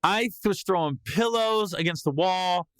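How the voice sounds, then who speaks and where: A man hosting a podcast, telling a comedic story in a lively way and breaking into loud yelled reenactments. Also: sits high, unhurried, smooth, dry recording. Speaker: podcast host.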